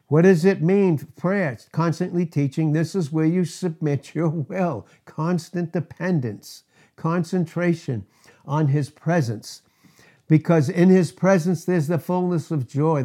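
Man, preacher, sermon, emphatic, rhetorical questions, slightly high pitch. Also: a little mellow.

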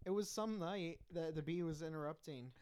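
A young man in casual podcast chat among friends, arguing his points in a dry, deadpan way. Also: on the high side, moderate pace, clear, resonant tone. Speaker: podcast co-host.

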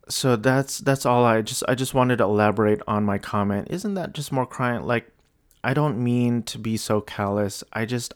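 A young man talking alone on his show, hesitant and apologetic, sounding low and despondent with many restarts. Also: no room sound, clean studio sound. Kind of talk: rambling solo commentary.

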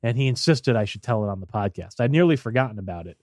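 Animated man telling a story. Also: on the low side, quick pace, dry recording, clean studio sound. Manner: animated, acts out voices in quotes. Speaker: podcast co-host. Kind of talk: casual storytelling.

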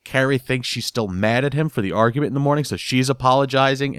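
A man talks through a sitcom episode he loves, giggling as he tells it and often stumbling over repeated words. His voice sits at an ordinary middle pitch. The recording is dry and close, with no room sound around him. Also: quick pace, clear, resonant tone, no echo. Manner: animated storytelling, giggles often, repeats words while he searches for them. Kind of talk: casual episode recap.

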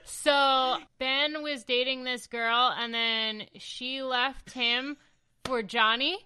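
A woman's voice: high voice, fairly even intonation, slow, sharp tone, clean tone, poor audio. A woman co-hosting a podcast in casual chat, blunt and outspoken, swearing when she gets indignant. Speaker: podcast co-host. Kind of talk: casual comic recap chat.

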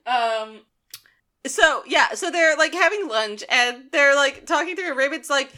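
Bright high-voiced woman recapping anime. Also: lively intonation, a little slow. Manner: laughs often, acts out characters' lines. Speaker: podcast co-host. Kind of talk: casual anime recap chat.

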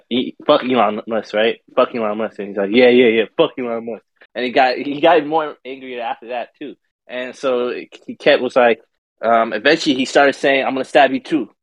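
A man's voice: mid-range voice, no echo, muffled recording. Slangy young man telling a rambling story. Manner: rambling, repeats words, slangy. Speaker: podcast storyteller. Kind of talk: casual profane storytelling.

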